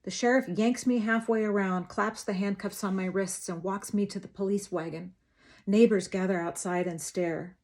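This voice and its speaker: A woman author reading the first chapter of her novel in an expressive, dramatic voice. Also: medium pitch, normal speed. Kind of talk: first-person book reading, then casual talk to viewers.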